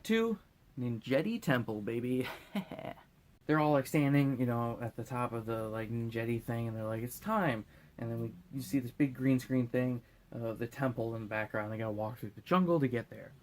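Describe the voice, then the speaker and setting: A man's voice: mid-range voice, moderate pace, darkish tone. A drunk man recapping a movie in a loose, crude, rambling way, often acting out lines in silly voices. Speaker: host.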